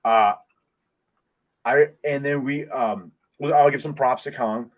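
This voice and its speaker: Excitable rambling man on a podcast. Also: medium pitch, slow. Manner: excitable, rambling fan talk with many restarts. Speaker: podcast host. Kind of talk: casual podcast chat. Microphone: desk microphone.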